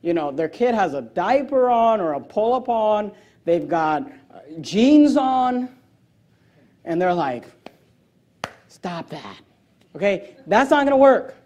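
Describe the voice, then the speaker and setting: A man's voice: very animated, a little slow, darkish tone, lo-fi sound. A man preaching a sermon as pastor, emphatic as he reads out scripture and throws in joking asides. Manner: joking asides, voice jumping high on punch lines.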